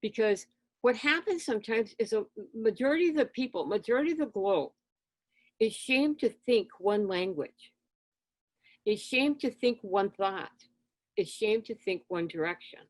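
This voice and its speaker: Animated woman telling stories. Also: mid-range voice, moderate pace, no room sound. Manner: animated, acts out dialogue with children. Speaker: interview guest, spiritual teacher. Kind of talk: conversational storytelling.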